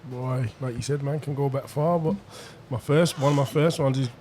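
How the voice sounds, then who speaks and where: A man's voice: medium pitch, fairly even intonation, moderate pace, warm tone, a little hiss or hum. A man telling a story in a casual podcast chat, full of slang and laughter.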